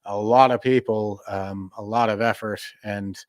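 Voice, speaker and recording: Halting, low-voiced man host. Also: steady tone, dry recording, clean studio sound. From Canada. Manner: halting, many ums and uhs. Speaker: podcast host. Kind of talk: casual political chat.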